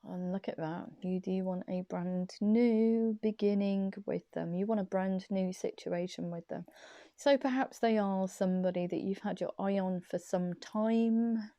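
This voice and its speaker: Unhurried and fairly even in intonation, a woman's mid-range voice comes through muffled but without echo as she does a tarot reading. Chatty and casual, she rambles with enthusiasm and giggles a lot, recorded in a small room at her parents' place by a camera on a little desk tripod.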